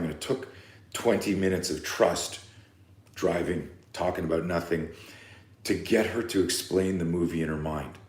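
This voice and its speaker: A man speaking at a live seminar, telling a parenting story with lively acted-out quotes and talking straight to the parents in the audience. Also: sits low, echoey room. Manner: animated storyteller, acts out quotes, addresses parents directly. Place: seminar room.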